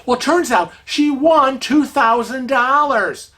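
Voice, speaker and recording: A man co-hosting a vlog, telling stories in an animated, exasperated way. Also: very high voice, slow pace. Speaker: vlog co-host. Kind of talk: casual storytelling.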